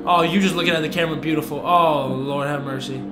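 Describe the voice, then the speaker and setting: Excitable young man, echoey room, music behind. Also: fairly high pitch, quick pace. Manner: excitable, gushing, slangy, swings from hushed to loud. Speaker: reaction video host. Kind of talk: casual reaction commentary.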